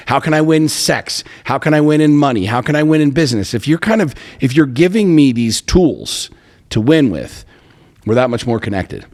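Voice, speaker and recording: Blunt guy cursing a lot on a couple's podcast, big echoey hall sound. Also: medium pitch. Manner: blunt, profane, emphatic. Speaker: podcast co-host. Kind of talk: casual chat. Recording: long hall reverb.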